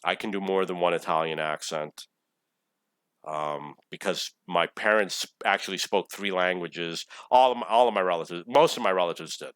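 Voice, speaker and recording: Commenting on his own gameplay replay, this forties-aged man wanders from point to point and swears when annoyed, which happens easily. He speaks at a normal speed in a low, slightly bright voice, with clean, echo-free sound.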